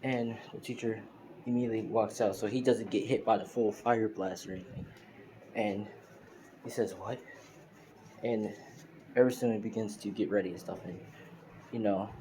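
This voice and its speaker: A man's voice: fairly low pitch, fairly even intonation, moderate pace, mellow. A man narrating a fan-made story in a loose, rambling way with many fillers. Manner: loose, filler-heavy retelling. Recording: noisy screen-recorded phone audio.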